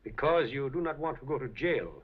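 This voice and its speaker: An actor playing a suave, scheming café proprietor in a 1930s film, speaking in an urbane, deliberate way. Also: male voice, mid-range voice, lively intonation, slightly rough. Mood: sly. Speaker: café owner. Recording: dull 1930s film soundtrack.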